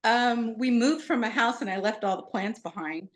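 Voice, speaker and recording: A woman client in a reading, answering briefly and quietly. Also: a little high, moderate pace.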